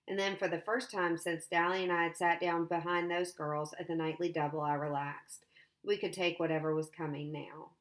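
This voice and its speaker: A woman's voice: lowish voice, flat delivery, normal speed. Woman teacher reading a novel aloud.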